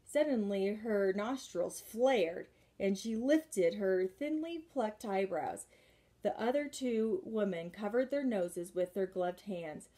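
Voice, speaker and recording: A woman's voice: medium pitch, lively intonation, slow, warm tone. A woman reading a children's chapter book aloud, with chatty asides in between. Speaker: reader.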